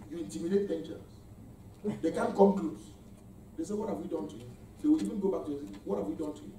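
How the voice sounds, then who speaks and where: A man's voice: a little high, fast, pauses often, warm tone, a little hiss or hum. A man preaching a sermon to a congregation, leading call-and-response and calling out praise between points. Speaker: pastor. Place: church hall with congregation. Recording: echoey hall, mic far off.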